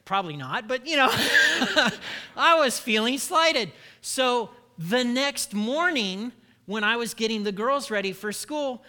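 Bright, high-voiced male pastor preaching. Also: animated, a little slow. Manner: candid, self-deprecating storytelling. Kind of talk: sermon.

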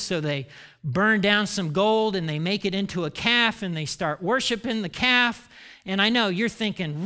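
Brief: pastor in mid-sermon, higher-pitched man, lively storyteller who pokes fun at himself. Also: moderate pace, clean tone. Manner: animated, self-deprecating storytelling.

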